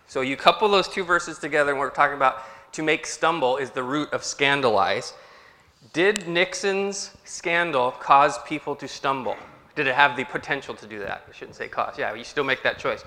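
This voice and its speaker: Male preacher, chatty, asks the room questions; tense bright tone, echoing hall. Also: on the high side. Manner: conversational, asks the congregation questions. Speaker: pastor. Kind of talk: sermon. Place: church hall.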